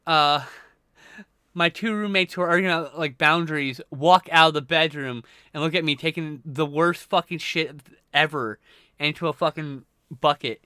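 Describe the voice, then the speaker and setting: A man with a fairly high, bright and crisp voice, recorded close and dry on a desktop mic. He rambles through a crude story, swearing freely and tripping over restarts. It sounds like a relaxed livestream chat. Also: moderate pace, no echo. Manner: profane, rambling anecdote with restarts. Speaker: livestream host.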